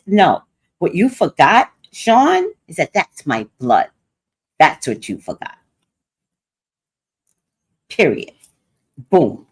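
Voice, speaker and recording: Animated older woman telling a story. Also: extremely low pitch, a little slow, pauses often, husky. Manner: animated storytelling, quoting others. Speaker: host. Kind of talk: casual livestream chat.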